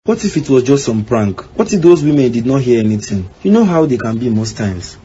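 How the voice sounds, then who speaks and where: A man's voice: medium pitch, very animated, a little fast, warm tone, close to an everyday voice. A man voicing an evasive young husband in a cartoon, answering defensively. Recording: slightly dull with faint background noise.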